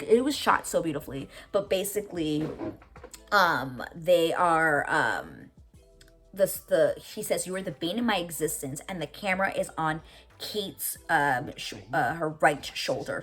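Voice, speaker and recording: A young woman recapping a TV episode in a casual, gushing way, swearing freely and saying "like" a lot. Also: low-pitched. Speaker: TV reaction vlogger.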